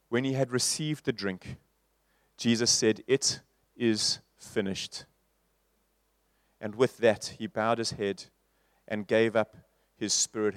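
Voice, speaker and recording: A man preaching a sermon in a church, moving from loud repeated refrains to soft, slow passages. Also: mid-range voice, clean tone, no echo, studio quality. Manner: rhetorical, building to loud repeated refrains then dropping soft.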